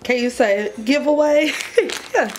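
A woman's voice: sits high, measured pace, noisy background. A woman in her twenties, chatting casually to her viewers in a loose vlog style. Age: 20s. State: out of breath at times. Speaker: vlogger.

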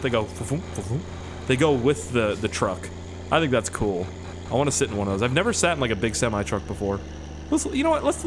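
A man giving casual, profane and rambling commentary while playing a driving game. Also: mid-range voice. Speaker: gaming YouTuber. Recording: loud game engine noise behind. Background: vehicle engine sounds from the game.

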